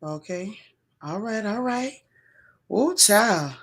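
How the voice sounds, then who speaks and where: A live-stream gossip host with a medium-pitched voice, lively intonation, and slow pace chats loosely with her viewers, greeting them by name. She sounds out of breath and speaks in a Southern-tinged African American vernacular, often saying "child" and "y'all."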